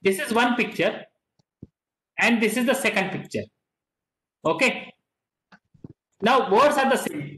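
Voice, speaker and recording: A man's voice: high voice, lively intonation, a little slow, pauses often, bright, forceful tone, echoey room, slight background noise, rough recording. A middle-aged man with an Indian English accent teaching an online class, repeating and stressing key words and slipping into Hindi.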